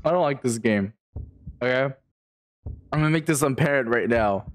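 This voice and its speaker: A man streaming a game who swears and swings between screaming and low mumbling. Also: moderate pace. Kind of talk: live game streaming commentary.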